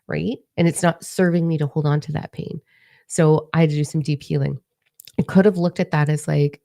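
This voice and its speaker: A woman's voice: low-pitched, vocal fry, mellow. A woman giving a casual spiritual energy forecast, frank and encouraging, swearing freely as she coaches her viewers.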